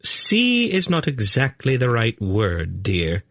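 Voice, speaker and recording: A man voicing a calm, commanding sorceress who speaks crisply and with motherly authority, in an audiobook reading. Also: medium pitch, no echo, clean studio sound, pitched above the performer's own voice, heavily acted. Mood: dry, firm. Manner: crisp, brisk, gently condescending. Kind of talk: audiobook character voice.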